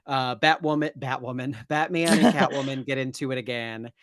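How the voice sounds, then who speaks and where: A woman co-hosting a podcast, casually retelling a film's plot with fillers and quick laughs. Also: a bass voice, dry recording, clean studio sound. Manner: relaxed storytelling with fillers and laughs. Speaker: podcast co-host. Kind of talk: casual chat recapping a film.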